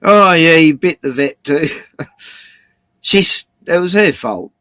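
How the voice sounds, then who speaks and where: A man's voice: a little high, lively intonation, slow, pushed and bright, no echo, rough recording. An older man with an Australian accent tells a rambling story at home, swearing, sighing and chuckling as he goes. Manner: sweary, sighing, laughs through his story. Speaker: vlogger. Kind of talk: casual rambling anecdote.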